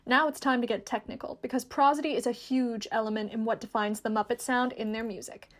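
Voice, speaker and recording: Woman, video essay narrator, scripted, explanatory, measured, slightly high pitch. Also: steady tone.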